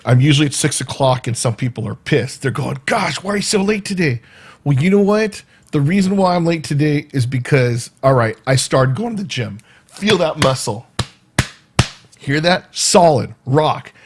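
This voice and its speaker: A man hosting his own livestream, chatting casually and rambling in a self-mocking, animated way. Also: on the high side, normal speed, slightly rough. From United States. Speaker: livestream host. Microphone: home livestream mic.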